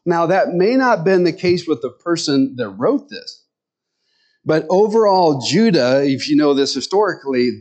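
Man preaching a lively Sunday sermon. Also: on the high side. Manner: animated, acts out the voices of people in scripture. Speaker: pastor.

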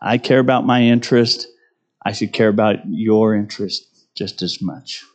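A man's voice: fairly low pitch, moderate pace. A middle-aged man preaching a conversational sermon, poking fun at himself and often asking "right?". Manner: conversational, self-deprecating, tags lines with "right?". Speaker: pastor.

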